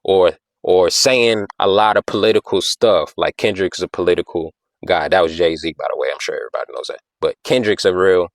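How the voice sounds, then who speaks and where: A man's voice: low-pitched, fairly quick, no room sound. A man hosting a podcast, talking casually and explaining things, often repeating himself and asking "you know what I'm saying?". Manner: taps out rhythms with "da da da". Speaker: podcast host.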